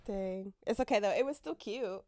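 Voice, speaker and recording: A woman's voice: mid-range voice, moderate pace, a little mellow. A woman co-hosting a casual podcast chat, chiming in with short laughing reactions. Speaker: podcast co-host.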